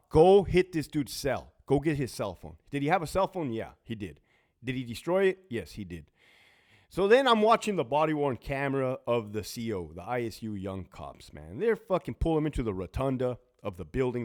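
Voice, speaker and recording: A man's voice: mid-range voice, darkish tone. A man with a Californian accent, a former prison officer, tells profane stories in a blunt monologue and mimics other people's voices.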